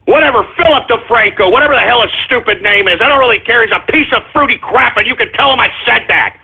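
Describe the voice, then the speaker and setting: A man's voice: very high voice, fast talker, gravelly, slightly rough. Ranting man on a muffled phone line. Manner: angry, profane, repetitive ranting. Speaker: radio show host. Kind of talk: ranting call-in radio monologue.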